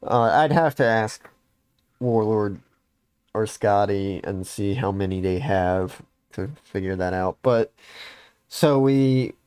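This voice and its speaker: A man's voice: lowish voice, a little mellow, clean tone. A young adult man casually recounting a game story on a podcast, rambling with lots of fillers. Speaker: podcast host.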